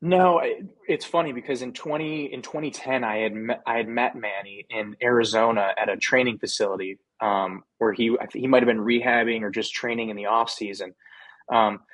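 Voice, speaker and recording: A young man from the United States talks easily as a podcast guest, trading stories in a loose, slangy way and often restarting his sentences. His voice sits at a middle pitch. The sound is dry and close, with no room around it. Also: a little fast, dry recording. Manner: relaxed storyteller with frequent restarts and slang. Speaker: podcast guest, former minor league player. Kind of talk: casual interview chat.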